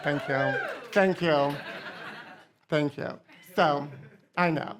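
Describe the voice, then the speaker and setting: Using a full character voice, a woman speaks in a deep tone and extremely slowly, with background noise audible. As a comedy guest on a theater stage before a live audience, she plays a brash, vain diva pop star in stand-up, campily rambling and calling everyone honey.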